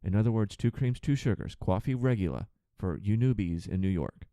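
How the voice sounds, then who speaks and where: On his podcast, a man who works as a flight attendant delivers a sarcastic, profane ranting monologue about his passengers, acting out their lines in quick put-on voices. His voice is on the low side and warm, and the recording is dry.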